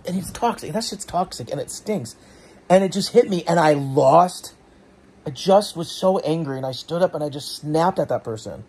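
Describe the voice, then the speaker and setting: A man vlogs about a frustrating day in a loose, rambling way, full of restarts and second-guessing. His voice sits a little high and sounds husky. Allergies leave him congested. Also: animated, normal speed, darkish tone. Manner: frustrated, rambling, self-questioning, many restarts and fillers. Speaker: vlogger. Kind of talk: casual storytelling to camera.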